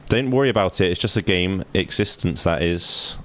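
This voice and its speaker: A man reading the lines of a big, calm female huntress killer in a dating game, soft and reassuring. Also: low voice, normal speed. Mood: soothing.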